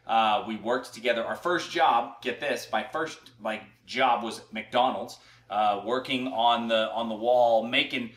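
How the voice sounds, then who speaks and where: A man's voice: mid-range voice, measured pace, fairly bright tone, echoey room. A man hosting an online show, talking in a casual, rambling way with frequent restarts. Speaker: host. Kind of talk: casual chat.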